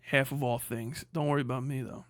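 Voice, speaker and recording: This young man is a livestream host who delivers crude, sarcastic, profane rants, laughs frequently and answers his chat. He speaks fairly quickly in a medium-pitched voice with fairly even intonation.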